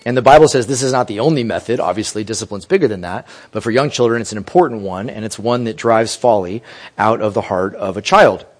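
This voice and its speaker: A man's voice: lowish voice, fast talker. A man preaching a sermon, earnest and emphatic, quoting scripture. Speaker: pastor.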